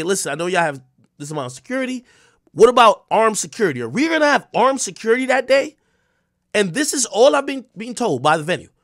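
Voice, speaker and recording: A man's voice: high voice, a bit bright, no room sound, studio quality. A young man ranting to his livestream viewers, agitated, swearing and stumbling over restarts. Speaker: live streamer. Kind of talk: casual livestream rant.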